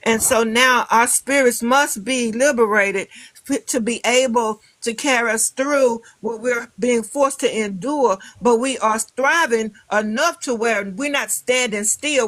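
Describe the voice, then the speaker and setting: A woman's voice: on the high side, a little slow, a bit bright, no room sound. Emphatic rambling woman, dry close sound. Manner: rambling, emphatic, many restarts. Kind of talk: casual discussion.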